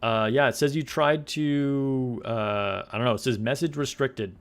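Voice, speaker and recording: A young man chatting casually with his live-stream chat while playing a game, relaxed and quick to laugh. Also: medium pitch. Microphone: desk microphone.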